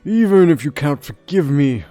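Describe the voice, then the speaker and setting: A man's voice: on the high side, expressive, moderate pace, warm tone, faint music behind, natural voice. A man voicing a guilt-stricken middle-aged king who confesses in an anguished prayer.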